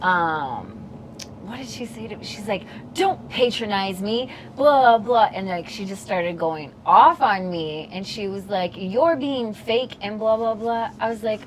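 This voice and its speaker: A woman's voice: medium pitch, measured pace, slight background noise. A woman co-hosting a podcast in casual chat, telling a story with lots of swearing and quoted voices. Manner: animated storyteller, swears freely, mimics people. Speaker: podcast co-host.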